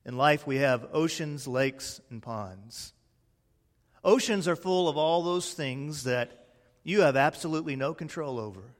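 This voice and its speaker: A man's voice: on the high side, animated, in a large hall. Man preaching. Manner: preaching with slow emphatic pauses, dropping to a hush at key lines. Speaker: pastor. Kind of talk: sermon.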